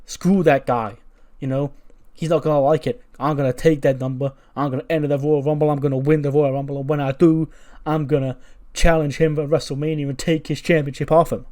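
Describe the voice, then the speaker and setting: A raging, bellowing male wrestler spits out threats of revenge, loud and higher than the performer's everyday voice, as a man puts him on. He sounds like a storming brute ready to smash through doors. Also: flat delivery, fairly quick, close to an everyday voice. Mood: enraged. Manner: shouted, blustering threats.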